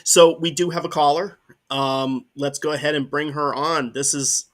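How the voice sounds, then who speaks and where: A man co-hosting a podcast in casual chat, halting and restarting his sentences as he reads out the chat. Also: a little high, fairly even intonation, a bit bright. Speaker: podcast co-host.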